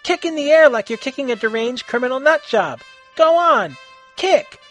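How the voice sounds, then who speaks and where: A man's voice: very high-pitched, animated, normal speed, soft background music, voice pushed up. A man voicing a gritty, hot-tempered female vigilante hero who barks threats in an amateur audio story. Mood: angry. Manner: shouting, barking threats.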